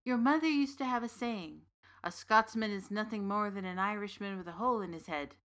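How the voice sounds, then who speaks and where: A woman reading the part of a big, gently knowing uncle from the fairy realm in an audiobook story. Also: medium pitch, brisk, lightly acted. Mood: calm. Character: big warm Irish uncle, old fairy king's son.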